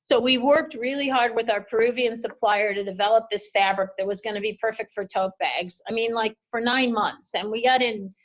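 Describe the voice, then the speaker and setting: A woman's voice: on the high side, brisk, few pauses. A woman running an apparel company, telling business stories in a conversational interview and acting out quoted voices along the way. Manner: animated anecdotes with lively quoted voices. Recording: dull lo-fi audio.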